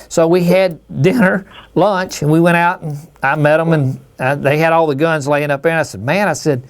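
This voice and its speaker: Man, call-in host, folksy rambling talk, higher voice, smooth clear tone. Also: fairly even intonation, a little fast. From Alabama. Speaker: radio show host. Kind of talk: casual call-in chat.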